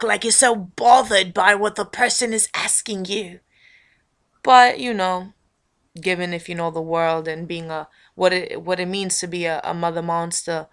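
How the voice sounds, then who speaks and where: A woman's voice: mid-range voice, a bit bright. Playful young American woman vlogger. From United States. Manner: playful, jokey, rambling, slips into accents. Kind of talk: casual vlog chat.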